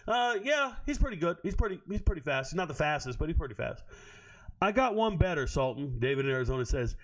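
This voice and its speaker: A man's voice: a little high, big pitch swings, fast. A man hosting a live stream, ranting at his chat in a brash, profane, confrontational way.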